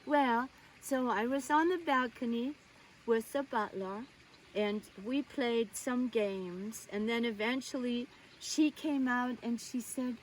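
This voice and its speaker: A woman telling a personal childhood story in a wistful, animated way. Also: fairly high pitch, takes it slowly. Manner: wistful, animated, laughs as she recalls. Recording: distant mic, faint ambient noise.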